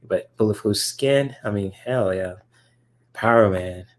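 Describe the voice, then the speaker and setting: A man with a voice on the low side speaks unhurriedly. During his casual livestream he responds to viewers' chat, rambling with plenty of fillers and plenty of enthusiasm for comics.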